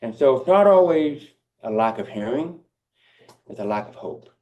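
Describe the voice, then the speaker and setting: A man's voice: mid-range voice, lively intonation, normal speed, narrow, tinny audio. A man with a deaf accent giving a heartfelt, encouraging keynote speech, speaking directly to his audience.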